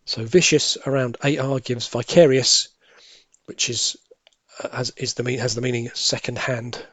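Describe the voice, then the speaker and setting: A man talking his way through a crossword, pausing to mutter clues under his breath before explaining them. His voice sits in an ordinary middle register. It is recorded close and dry, with no room sound. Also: mid-range voice, fairly even intonation, a bit bright, no room sound. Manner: musing, self-correcting, half-muttered asides. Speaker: crossword solving tutor. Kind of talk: thinking aloud while solving a crossword.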